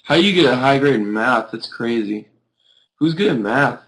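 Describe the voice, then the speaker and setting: A man's voice: mid-range voice, lively intonation, normal speed, a bit bright, rough recording. A sleepy young man hosting a live video chat, chatting casually with viewers in a rambling way full of "like". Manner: rambling, peppered with "like". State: sleepy, yawning.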